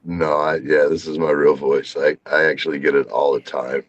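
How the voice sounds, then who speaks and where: A man guesting on a podcast in casual chat, with a very deep voice and a laid-back, low-key way of talking. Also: level tone, normal speed, lo-fi sound, slight background noise. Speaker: guest content creator.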